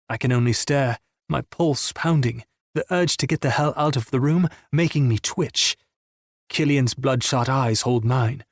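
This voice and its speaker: A man's voice: medium pitch, a little slow, dry recording, studio quality. A man narrating a first-person romance audiobook in an intense, emotional reading.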